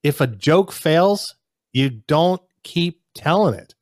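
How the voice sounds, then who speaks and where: A man's voice: fairly high pitch, expressive, slow pace, no echo, studio quality. A man hosting a call-in show, blunt and teasing, often restarting his sentences. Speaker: host. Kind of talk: call-in banter.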